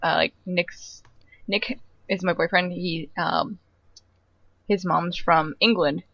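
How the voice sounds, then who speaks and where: A young woman co-hosting a casual podcast chat, talking fast with lots of "like" and frequent laughs. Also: lowish voice, steady tone, vocal fry, a bit bright, dry recording, muffled recording. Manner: chatty, laughs often, lots of "like". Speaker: podcast co-host.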